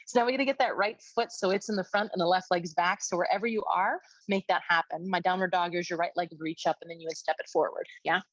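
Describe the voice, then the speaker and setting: A woman teaching a yoga class, giving chatty, encouraging cues and checking in with a quick "yeah?" as she goes. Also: lowish voice, steady tone, fairly bright tone, no echo. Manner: chatty, encouraging, frequent "yeah?" check-ins, light laughs. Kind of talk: guided yoga class instruction. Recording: dull, dry lo-fi sound.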